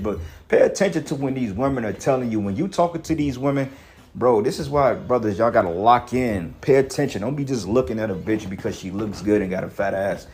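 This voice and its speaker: A man's voice: medium pitch, expressive, a little fast, darkish tone. A man commentating on a video clip in an angry, profane rant, emphatic and full of restarts. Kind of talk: heated reaction rant.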